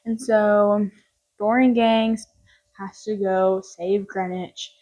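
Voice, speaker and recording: A woman's voice: medium pitch, fairly even intonation, takes it slowly, mellow, lo-fi sound. Young female film reviewer, casual and rambling, with a jokey, off-the-cuff delivery.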